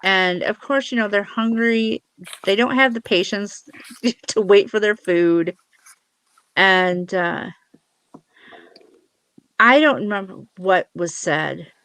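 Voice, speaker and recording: A middle-aged woman at an ordinary pitch chats casually as a podcast guest. She sounds relaxed and easygoing and laughs often. The recording is dry and close. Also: slow, long pauses, clean tone, dry recording. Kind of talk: casual chat.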